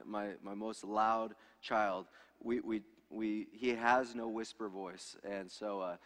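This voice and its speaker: A man's voice: mid-range voice, a bit bright. A pastor in his thirties preaching an earnest, emphatic sermon with lots of repetition. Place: church sanctuary. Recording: reverberant hall.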